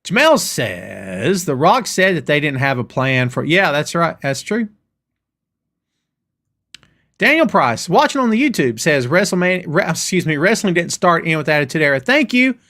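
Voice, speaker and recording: Middle-aged male stream host, fairly high and very lively, casual ranting chat. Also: brisk, few pauses. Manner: animated, ranting, addresses chat as "brother" and "dude". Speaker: host of a wrestling show. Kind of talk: live-stream rant reading chat comments.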